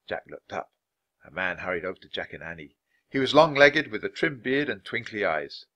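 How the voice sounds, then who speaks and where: A man reading a children's chapter book aloud at a natural pace for language learners, expressive and clear. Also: on the low side, normal speed. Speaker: storybook reader.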